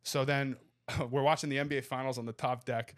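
A man in his thirties, a comedian guest, telling a wild story in rapid, profane, laughing bursts. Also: mid-range voice, level tone. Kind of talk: casual storytelling.

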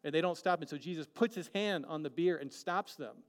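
A man preaching a sermon earnestly, moving between emphatic peaks and hushed, quiet lines. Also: fairly high pitch, fairly quick, in a large hall.

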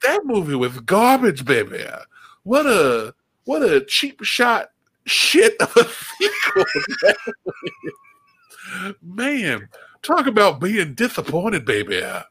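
A man's voice: sits high, huge pitch swings, a bit bright, a little hiss or hum, heavily acted. A man doing a drawling old wrestling legend. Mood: scornful. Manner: drawn-out, preachy storytelling, says "baby" a lot. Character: drawling aging male wrestling legend, folksy.

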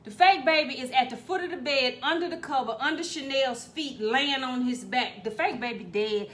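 A middle-aged woman telling a comic family story, profane and animated, with sudden loud bursts. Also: sits high, normal speed, few pauses. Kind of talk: comedic storytelling.

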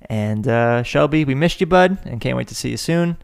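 Male podcast co-host, mid pitch with gravel, upbeat banter. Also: expressive, moderate pace. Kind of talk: casual gaming podcast chat.

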